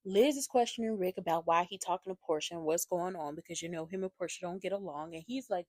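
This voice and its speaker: A woman's voice: fairly low pitch, quick pace, dry recording. A woman hosting a soap opera recap, talking in a sassy, gossipy way and acting out what the characters said. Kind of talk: casual commentary.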